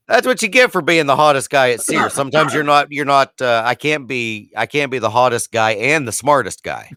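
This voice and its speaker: Man in his 40s, podcast co-host; bright tone, dry close sound, profane self-mocking storyteller. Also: lively intonation, a little fast, few pauses, no echo. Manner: profane, self-mocking, acts out quotes with rising pitch. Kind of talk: casual storytelling.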